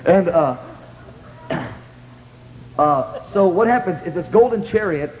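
A man with a high voice tells his story to a congregation in earnest, halting bursts. He stops and restarts his sentences and breaks into shouts at the peaks. The sound rings through a reverberant hall over a faint hum. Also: lively intonation. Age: young adult. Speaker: preacher. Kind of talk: sermon testimony.

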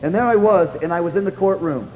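A man with a high voice preaches, recounting his experience with animated, repetitive storytelling. His voice rings with a long hall reverb, and faint ambience sits behind him. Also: quick pace, lo-fi sound, slight background noise. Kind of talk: sermon testimony.

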